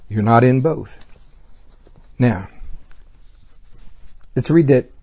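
A man preaching a sermon with fervor, breaking into exclamations of praise and swinging from loud emphasis to quiet asides. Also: medium pitch, drawn-out words, pauses often, breathy edge.

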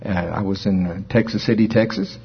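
A man's voice: low voice, fairly even intonation, fairly quick, gravelly, breathy edge. A man in his sixties preaching a sermon in a folksy, storytelling manner. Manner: folksy, storytelling, chuckles at his own jokes. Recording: dull lo-fi recording.

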